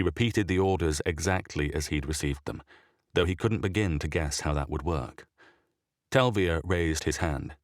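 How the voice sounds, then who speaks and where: A man narrating a short story in an even, measured reading style. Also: a bass voice, no room sound, studio quality.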